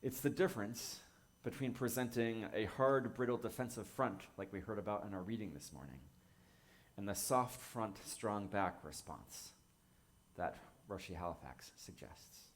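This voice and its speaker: Gentle, low-voiced male minister. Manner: gentle, measured, reflective. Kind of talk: sermon.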